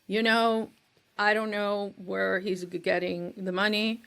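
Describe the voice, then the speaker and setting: A woman's voice: medium pitch, little pitch movement, measured pace, vocal fry, fairly bright tone. A woman co-hosting a casual podcast chat, rambling and often searching for her words. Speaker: co-host.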